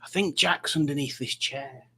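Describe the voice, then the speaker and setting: A man's voice: on the high side, normal speed, pushed and bright, slightly rough. A man hosting a live stream, chatting casually and joking while reading out viewer comments. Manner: playful, jokey, chatty asides.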